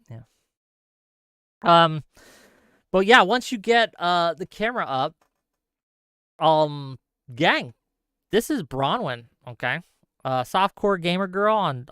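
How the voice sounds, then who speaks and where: A man's voice: fairly high pitch, fairly bright tone, clean tone, no room sound, clean studio sound. A man hosting a live call-in show, heated and argumentative, ranting at length.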